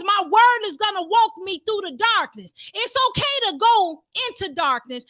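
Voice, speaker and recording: A woman preaching an impassioned sermon, fervent and rising to shouts. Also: very high-pitched, lively intonation, normal speed, few pauses, no room sound, clean studio sound.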